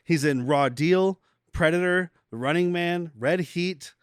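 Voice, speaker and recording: A man's voice: on the high side, measured pace, clear, resonant tone, no room sound, clean studio sound. A man co-hosting a casual movie podcast, rambling through film trivia and laughing often. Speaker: podcast co-host.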